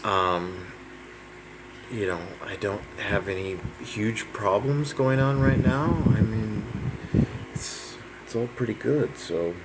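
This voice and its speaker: Rambling man with a low voice. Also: takes it slowly. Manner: rambling, many fillers and restarts. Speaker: vlogger. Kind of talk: casual personal update. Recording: noisy home recording.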